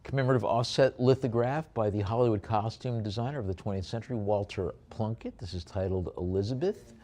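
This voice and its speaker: A man's voice: lowish voice, fairly quick, mellow. A man working as an auctioneer, calling bids and describing artwork lots, with chatty, jokey asides between calls. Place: auction room.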